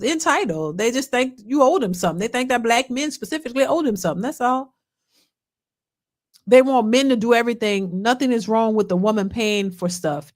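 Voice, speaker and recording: A woman hosting a casual live stream, telling a funny story in an animated, colloquial way and answering chat comments. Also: on the high side. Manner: animated, laughing, colloquial, swings from loud to hushed.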